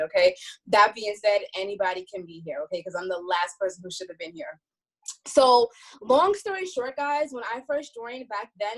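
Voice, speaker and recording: A woman with a New York accent, a guest on a video call, talking very fast in an animated, effusive way about her story. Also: medium pitch, rough recording. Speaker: guest speaker. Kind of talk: casual motivational talk on a video call.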